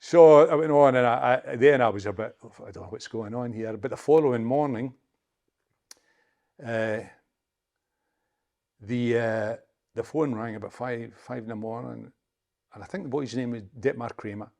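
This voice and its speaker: A Scottish man in his seventies telling a story as an interview guest, halting and repeating words as he chats. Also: mid-range voice, vocal fry, a little mellow. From Scotland. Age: 70s. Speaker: interview guest, former footballer. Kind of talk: anecdotal storytelling.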